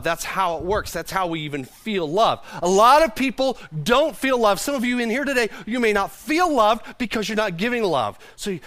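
A male pastor preaching a sermon to a congregation in a conversational, animated way, often repeating words as he goes. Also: sits high, dry recording.

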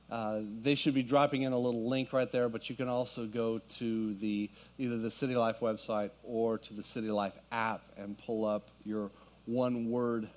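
A middle-aged man, a pastor, telling a story and preaching a sermon to his congregation. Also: medium pitch. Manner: storytelling, builds to fervent preaching. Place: church sanctuary with congregation.

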